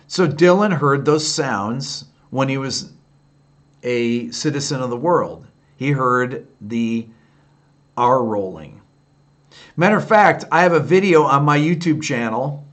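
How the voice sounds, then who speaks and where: A man's voice: medium pitch, fairly bright tone. Candid fifty-something man chatting on a livestream. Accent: Upstate New York. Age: 50s. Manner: candid, rambling, answers viewer comments by name. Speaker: livestream host answering chat. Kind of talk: casual late-night livestream chat.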